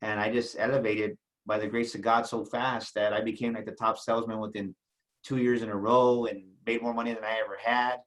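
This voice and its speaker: A middle-aged man from South Texas, an entrepreneur guest telling a personal story in an interview, halting and repeating words as emotion rises. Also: lowish voice, flat delivery, a bit bright, poor audio.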